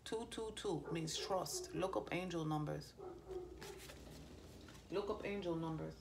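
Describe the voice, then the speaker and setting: A woman's voice: lowish voice, unhurried, vocal fry, background noise. A woman psychic giving channeled messages in a loose, stream-of-consciousness way, swearing freely and trailing off mid-thought. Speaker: psychic medium. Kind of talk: casual spiritual channeling talk.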